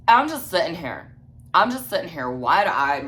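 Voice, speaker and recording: A woman's voice: lowish voice, animated, normal speed, fairly bright tone. A woman telling a storytime vlog in a snarky, heavily profane way. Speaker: vlogger.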